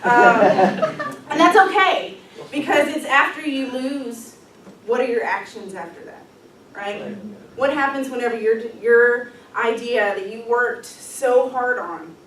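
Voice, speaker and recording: A woman's voice: on the high side, slow, fairly bright tone, slight background noise. A woman presenting a leadership workshop, talking in an upbeat, casual way with frequent ums and light laughs. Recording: echoey room, voice from far off.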